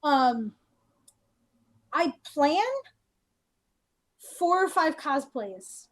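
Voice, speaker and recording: A woman's voice: high voice, expressive, extremely slow, fairly bright tone. A woman guest in a casual chat, rambling and wry, with lots of "like" fillers. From United States. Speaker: guest cosplayer.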